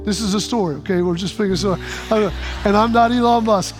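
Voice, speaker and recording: Male pastor, very high voice, emphatic sermon delivery, faint music behind. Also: quick pace. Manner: emphatic, repeating phrases, stammering restarts.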